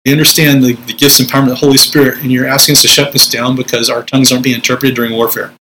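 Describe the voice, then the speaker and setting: A man's voice: mid-range voice, flat delivery, very fast, sharp tone, a little hiss or hum, poor audio. A middle-aged man, a Pentecostal minister, teaching spiritual warfare in a conversational preaching style, acting out prayers in a commanding voice.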